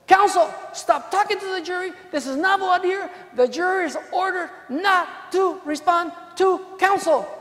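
A man doing a stern, impatient woman judge who snaps curt orders in a high, raised voice. She keeps her commands clipped and sharp. The sound has the long echo of a big hall. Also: moderate pace, few pauses. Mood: commanding.

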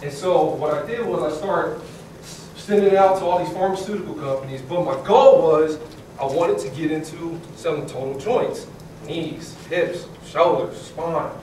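An animated man in his thirties tells a story with a fairly high voice. He is heard from across a big echoing room with faint background noise, a lively, laughing storyteller on a panel. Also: moderate pace. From California. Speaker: panelist, former student athlete. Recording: echoey hall from far off.

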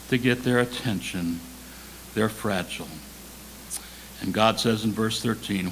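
Male preacher, bright voice, slow deliberate delivery, loud-to-soft swings, faint hum. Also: on the high side, low-quality recording. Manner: dramatic swings from loud emphasis to soft near-whisper. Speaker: associate pastor. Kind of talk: sermon. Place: church sanctuary.

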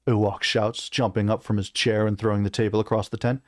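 Guy doing a novel reading, first-person fantasy, lowish voice, dry sound, trips on a word now and then. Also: brisk, few pauses, dry recording. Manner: steady first-person narration with small stumbles. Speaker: reader of a novel.

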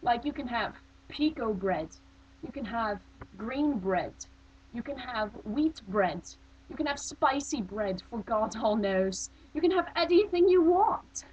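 A woman's voice: a little high, animated, unhurried, darkish tone, husky. Bored young woman in a vague put-on accent. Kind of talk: casual webcam monologue. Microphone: built-in webcam mic. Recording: dull lo-fi webcam audio with faint hum.

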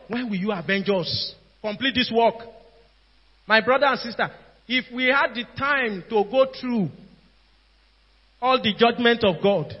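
High-voiced Nigerian preacher, pleading. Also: male voice. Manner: earnest, pleading, urgent preaching. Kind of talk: sermon. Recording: dull, echoey hall with soft music behind.

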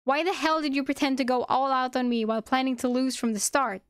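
An intense young man hurls accusations at a rival, voiced by a woman reading an audiobook. His delivery is loud and pressing, with a mid-range voice. The sound is dry and close to the mic. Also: mid-range voice, fairly quick, no echo, lightly acted. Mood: accusing.

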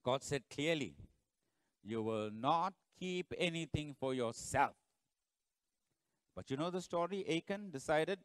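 A man preaching a sermon as pastor, telling the story dramatically and swinging between loud bursts and low, hushed lines. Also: lively intonation, measured pace, pauses often, no echo.

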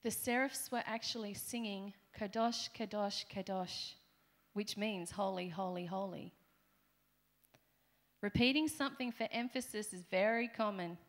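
A woman's voice: mid-range voice, moderate pace. A middle-aged woman with an Australian accent preaching a conversational sermon in a church, with playful asides to the congregation. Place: church hall.

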